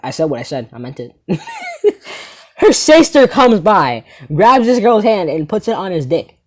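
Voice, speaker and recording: A young man spins a crude comedy story in an animated, sarcastic way. His voice swings widely up and down as he piles on rhetorical asides. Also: sits high, moderate pace.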